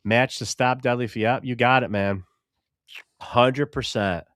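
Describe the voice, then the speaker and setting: Man, podcast co-host, loud, profane, rambling, mid-pitched, dry sound. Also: steady tone, measured pace, no echo. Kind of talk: casual live-stream banter.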